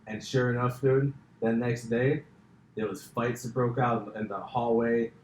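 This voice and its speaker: A man's voice: medium pitch, steady tone, unhurried, darkish tone, a little hiss or hum. Chatty podcast host man, echoey room. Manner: storytelling, filler-heavy, says like a lot. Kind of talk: casual podcast chat. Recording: roomy echo.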